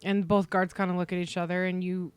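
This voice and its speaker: A woman's voice: fairly low pitch, flat delivery, a little fast, smooth. A woman narrating a tabletop role-playing game as game master, chatty with lots of fillers.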